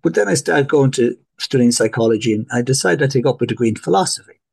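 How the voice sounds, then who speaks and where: A middle-aged Irish man, a podcast guest, telling stories in lively fashion and acting out dialogue. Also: mid-range voice, quick pace, gravelly, breathy edge. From Ireland. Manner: animated, acts out dialogue in his stories. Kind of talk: storytelling in a podcast interview.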